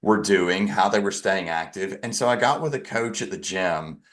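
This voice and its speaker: A man's voice: low-pitched, moderate pace, fairly bright tone. A man guesting on a podcast, candidly telling a personal story with a self-deprecating streak.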